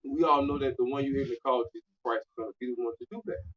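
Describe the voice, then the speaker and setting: A man from Louisiana with a Louisiana accent, preaching loudly and profanely in a street teaching discussion, often shouting. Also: mid-range voice, rapid-fire, slight background noise. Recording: distant dull recording.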